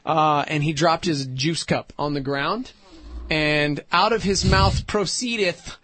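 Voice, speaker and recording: A man's voice: fairly high pitch, slow pace, no room sound. A man in his thirties telling stories in a casual faith podcast chat, acting out the voices he quotes. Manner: animated storyteller who acts out quoted voices. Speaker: co-host.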